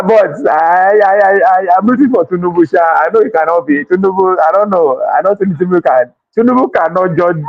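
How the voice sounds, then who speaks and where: A man with a Nigerian accent giving excitable political commentary, laughing and exclaiming often and slipping into pidgin. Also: sits high, no room sound, narrow, tinny audio. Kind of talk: animated political chat.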